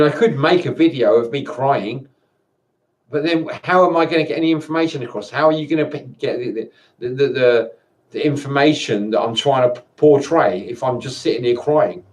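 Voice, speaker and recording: A man in a personal video monologue, tired and upset, talking in halting bursts with repeated words and frequent swearing. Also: medium pitch. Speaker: vlogger. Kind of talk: emotional personal monologue to camera.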